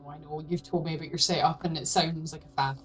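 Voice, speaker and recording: A woman's voice: low voice, steady tone, fast, soft background music, rough recording. A woman co-hosting a game stream, telling stories in a chatty way and swearing casually. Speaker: co-streamer guest. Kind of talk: casual chat while gaming.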